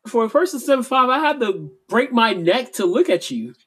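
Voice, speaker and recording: Man, co-host, high-pitched voice, teasing banter. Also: sing-song, normal speed, a bit bright, slightly rough. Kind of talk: casual chat.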